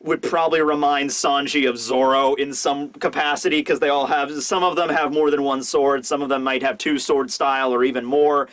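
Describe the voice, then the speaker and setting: A man giving casual commentary as a manga reviewer. He talks excitably and rambles, with lots of fillers. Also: medium pitch, moderate pace, hardly any pauses.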